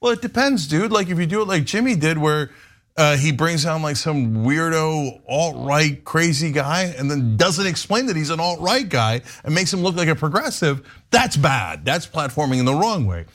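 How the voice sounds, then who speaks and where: A man's voice: fairly high pitch, expressive, moderate pace, a bit bright. A middle-aged man hosting a casual political podcast chat, emphatic and laughing often. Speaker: podcast host.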